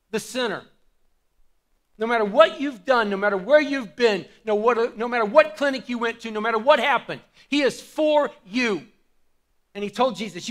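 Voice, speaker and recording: A man preaching a sermon as pastor to a church congregation, fervent and swinging between hushed and shouted lines. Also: very high voice.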